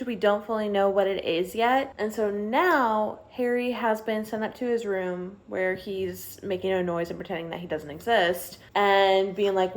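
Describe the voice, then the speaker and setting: A young woman vlogging casually about a book she is reading, chatty and self-mocking, often laughing. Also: mid-range voice. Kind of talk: casual chat to camera.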